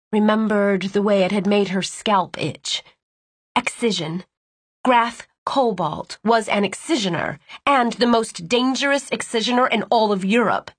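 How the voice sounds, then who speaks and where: A woman narrating a fantasy story in a measured, storytelling way. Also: mid-range voice, husky, dry recording. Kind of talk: audiobook narration.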